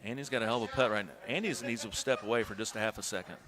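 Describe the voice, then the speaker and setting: A man doing casual live commentary on a golf video game tournament, swearing and breaking into shouts. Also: lowish voice, rapid-fire, heavy background noise. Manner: excitable, swears, bursts into shouts.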